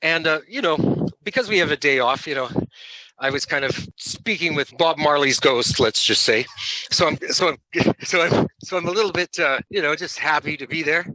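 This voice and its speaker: A man, a rock band's lead singer, casually telling lively anecdotes as a guest and laughing along. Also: on the high side, moderate pace, no room sound, poor audio. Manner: animated storyteller who laughs between lines.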